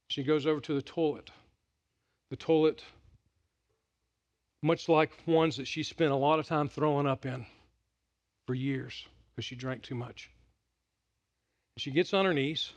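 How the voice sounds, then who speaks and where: A middle-aged man preaching a sermon, telling stories with big swings from loud excitement to hushed quiet. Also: fairly high pitch, lo-fi sound. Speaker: pastor.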